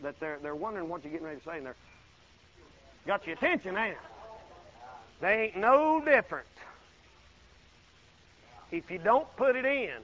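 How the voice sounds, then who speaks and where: A man preaching a folksy sermon, swinging from loud exclaiming to low murmured asides. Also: expressive, moderate pace, pauses often, dull audio.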